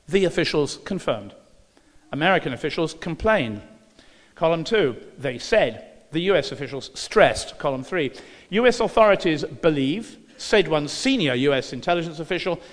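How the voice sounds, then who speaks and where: A man's voice: fairly high pitch, big-room sound. A man giving a lecture, reading newspaper passages aloud and breaking in with dry, sarcastic asides.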